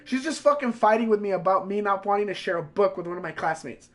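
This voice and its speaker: A man's voice: high voice, animated, fast. A man streaming from home, telling a profane, heated story in a casual way.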